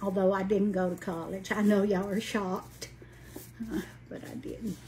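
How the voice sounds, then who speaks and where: Woman, late sixties, Southern Alabama accent, folksy livestream chat, slow easy pace, faint background noise. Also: mid-range voice, flat delivery, mellow. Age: 60s. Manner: folksy, chatty, greets viewers by name. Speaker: craft livestream host. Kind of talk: casual livestream chat while crafting.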